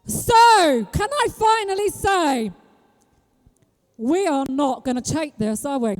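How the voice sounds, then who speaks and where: A woman from Britain giving an impassioned street rally speech, throwing rhetorical questions at the crowd and breaking into shouts. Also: high-pitched, lively intonation, slow, big-room sound. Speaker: street activist speaking at a rally. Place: outdoor public square at a rally.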